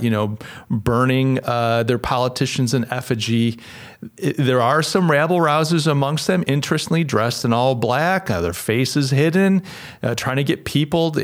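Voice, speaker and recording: A man hosting his own podcast in a solo commentary, talking with sarcastic, mocking asides. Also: mid-range voice. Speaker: podcast host.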